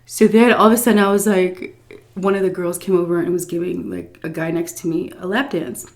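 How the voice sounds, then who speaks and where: A woman's voice: fairly low pitch, steady tone, brisk. A woman vlogger telling a casual story-time tale, laughing often, blunt and profane, and embarrassed at herself. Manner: self-mocking, embarrassed confessional tone.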